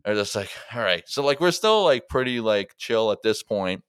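A man's voice: on the low side, sing-song, normal speed, a bit bright, clear, resonant tone, no room sound, studio quality. A young man, a comedian guest telling a rambling story in casual podcast chat, with lots of fillers. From Canada.

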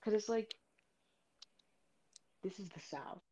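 A woman's voice: medium pitch, slow, muffled recording, a crowd in the background. Rambling young woman podcast host. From South Florida. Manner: rambling, swears, says "you know what I mean" often. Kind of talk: casual podcast chat.

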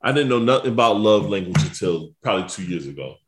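A man's voice: fairly low pitch, fast. A man, co-hosting a podcast in casual, profane, joking chat. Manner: profane, joking, animated storytelling. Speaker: podcast co-host. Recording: roomy echo.

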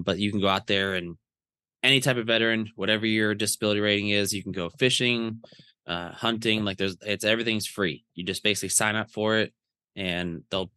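Easygoing low-voiced male co-host. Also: pushed and bright, clean tone, no echo, studio quality. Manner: easygoing, with frequent filler "uh". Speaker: podcast co-host. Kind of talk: casual podcast chat.

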